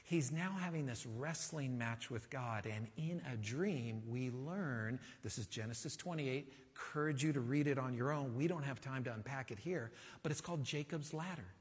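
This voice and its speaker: Husky-voiced preacher in an echoing hall. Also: male voice, mid-range voice, normal speed, hardly any pauses. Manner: conversational, animated preaching with rhetorical questions. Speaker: pastor. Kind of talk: sermon.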